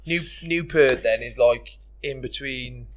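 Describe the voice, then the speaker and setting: A man's voice: mid-range voice, measured pace. A man with a South Welsh accent hosting a casual chat, rambling and sweary, tired. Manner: rambling, sweary, laid-back, lots of 'like'. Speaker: podcast host.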